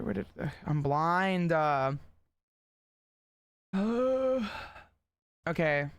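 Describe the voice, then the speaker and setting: A woman's voice: on the low side, expressive, drawn-out words, pauses often. A woman livestreaming, chatting casually with her viewers in a blunt, rambling way and swearing often. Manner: blunt, swears a lot, rambles and talks to chat.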